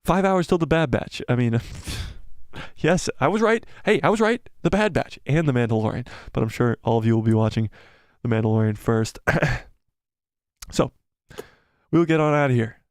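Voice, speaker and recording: A man's voice: medium pitch, moderate pace, long pauses, smooth, no echo, clean studio sound. Giddy man hosting a live stream. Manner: giddy, jokey, repeats himself excitedly. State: losing his voice. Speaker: livestream host. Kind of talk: casual live stream chat.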